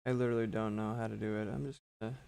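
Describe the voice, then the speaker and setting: A man's voice: fairly low pitch, level tone, rapid-fire, creaky, warm tone, clean tone. A man chatting casually on a live stream while he draws, rambling, swearing freely and mocking himself, yawning now and then. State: sleepy, yawning. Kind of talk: casual chat while drawing.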